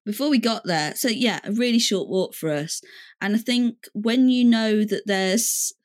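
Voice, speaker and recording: A woman's voice: medium pitch, a little slow. A young woman co-hosting a podcast, telling stories in a chatty way and laughing often. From England. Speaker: podcast co-host. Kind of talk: casual chat.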